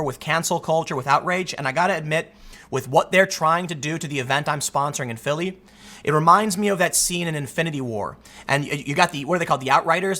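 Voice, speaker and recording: A young man giving a casual, emphatic commentary monologue, often repeating words as he gets excited. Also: on the high side. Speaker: political commentary host.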